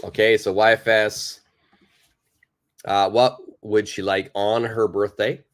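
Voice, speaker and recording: Patient, low-voiced male English teacher. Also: little pitch movement, slow. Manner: patient, repeats and praises viewers' answers. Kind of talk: live online English lesson.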